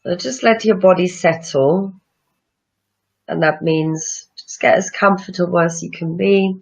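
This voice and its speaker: A woman yoga teacher leading a guided breathing meditation with slow, soothing instructions. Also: on the low side, gravelly, darkish tone, breathy edge. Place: room with chairs, not a studio. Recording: dull lo-fi sound.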